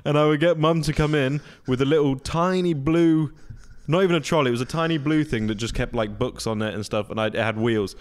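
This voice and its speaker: A young man, co-hosting a podcast, telling childhood stories in a lively, laughing way. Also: on the high side, fairly quick, hardly any pauses. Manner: animated storytelling with frequent laughter. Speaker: podcast co-host. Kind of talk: casual chat.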